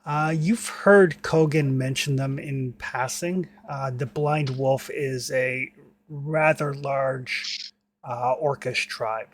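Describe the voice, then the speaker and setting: A man's voice: mid-range voice, steady tone, takes it slowly. Man narrating a tabletop game. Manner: hesitant, filler-heavy narration. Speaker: game master.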